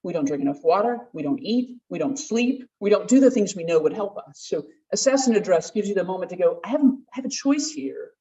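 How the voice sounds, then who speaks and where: Lively woman giving a distant conference talk. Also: on the low side, fairly quick, few pauses. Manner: lively, acts out quoted voices, laughs often. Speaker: conference speaker. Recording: distant, dull room mic.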